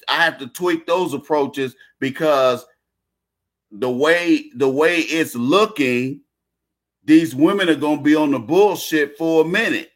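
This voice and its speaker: A man's voice: a little high, fairly bright tone. A man delivering a casual monologue rant, blunt and slangy, repeating himself and restarting phrases.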